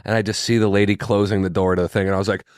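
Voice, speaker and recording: A man in casual podcast chat, telling a story with animated, exclaimed quotes. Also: lowish voice, very fast, no echo, clean studio sound.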